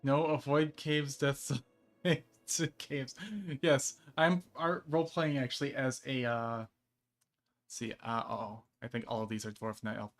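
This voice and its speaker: A man's voice: medium pitch, steady tone, measured pace, fairly bright tone, soft background music. Man, game streamer, casual rambling chat, frequent chuckles, mid-range voice. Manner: rambling, laughs often between phrases.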